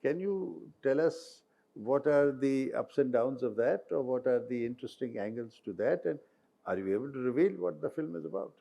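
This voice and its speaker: A man's voice: medium pitch, expressive, normal speed, creaky, warm tone. An older man hosting an onstage interview with short prompting questions.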